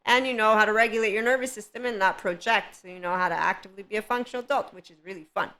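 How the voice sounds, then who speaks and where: Bright-voiced woman hosting a spiritual podcast. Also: mid-range voice, racing. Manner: rambling, laughs often, sarcastic asides. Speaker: podcast host. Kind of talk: casual spiritual monologue.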